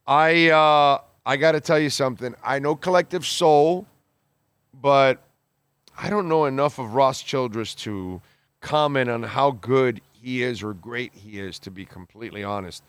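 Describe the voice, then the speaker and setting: A man's voice: medium pitch, a bit bright, smooth, no echo. A man hosting a podcast, reading listener comments and reacting in blunt, exasperated casual chat, swearing freely and restarting his sentences. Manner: halting restarts, many fillers.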